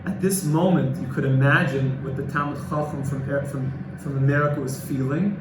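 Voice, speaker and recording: A high-pitched man narrates a dramatic story, stumbling and repeating himself as the emotion builds. The room is echoey and a faint hiss runs underneath. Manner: emotional, repetitive, stammering restarts.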